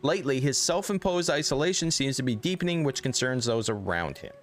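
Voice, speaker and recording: A man's voice: medium pitch, lively intonation, brisk. A man streaming a video game, reading its text aloud with casual, joking asides. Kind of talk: casual let's-play commentary.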